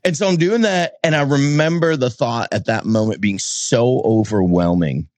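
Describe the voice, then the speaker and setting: A middle-aged man from New England, a pastor and podcast co-host, telling a candid personal story and swinging between low somber tones and high exasperated bursts. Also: normal speed, a little mellow, no echo.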